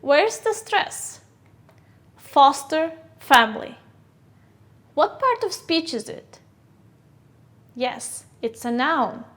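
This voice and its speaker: Woman, English teacher, first language Kyrgyz, high voice, slow deliberate classroom drilling. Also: big pitch swings, fairly bright tone. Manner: slow, clear teacherly drilling with question and answer. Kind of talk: classroom vocabulary lesson.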